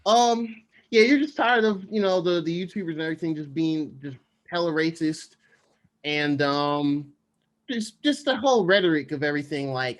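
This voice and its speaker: A man's voice: a little high, normal speed. A man co-hosting a podcast, casually recapping a TV episode in a loose, rambling way with lots of slang and fillers. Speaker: podcast co-host. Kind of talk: casual chat.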